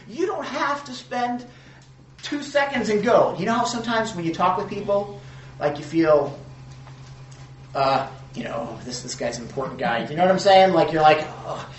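A man's voice: high voice, slight background noise. A man preaching a sermon in a conversational, rambling way, often checking in with his listeners. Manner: conversational, rambling with restarts and rhetorical "right?". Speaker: pastor. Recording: echoey room, mic far off.

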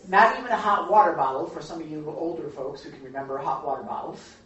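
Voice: medium pitch, fast talker, a bit bright. A Bible study teacher talking casually and animatedly to a group, often asking them questions. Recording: very echoey room, distant mic, dull sound.

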